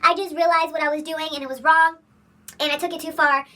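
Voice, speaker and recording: A young woman with a very high, bright voice rambles through a casual storytime vlog. She swears freely and laughs as she tells it. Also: level tone, quick pace. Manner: rambling, profane, laughs while telling. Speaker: vlogger.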